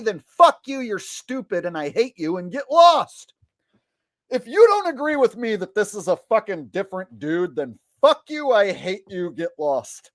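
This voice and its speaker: A man's voice: high voice, fairly bright tone, no room sound, clean studio sound. A man ranting in profane, exasperated commentary as a vlogger and impressionist.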